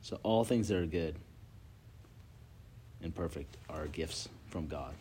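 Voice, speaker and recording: A man's voice: rumbling low, slow pace, mellow, slight background noise. A man leading a casual group Bible study, telling stories with lots of filler words and reading Scripture aloud.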